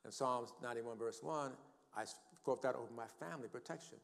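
A man's voice: mid-range voice, fast, creaky. An older man preaching a sermon in a church, quoting scripture emphatically and calling for responses from the congregation. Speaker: pastor. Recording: long hall reverb.

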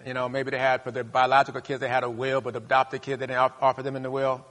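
Male pastor, sermon, call-and-response, bright voice, long hall reverb. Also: monotone, fast talker. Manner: call-and-response preaching, rising to loud high bursts. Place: church sanctuary.

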